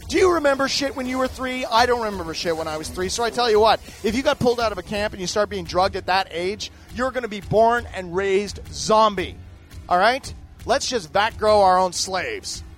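A man's voice: high-pitched, moderate pace, a bit bright, soft background music. A middle-aged man hosting a daily news show, ranting angrily and swearing emphatically as he reads stories and plugs products. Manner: angry, profane, emphatic. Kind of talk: profane ranting news commentary.

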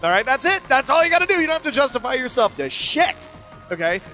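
A fast-talking middle-aged host goes through listener emails with soft music underneath, and the recording is rough. His manner is casual and rambling, heavy on joking sarcasm, and his pitch jumps suddenly as he gets animated.

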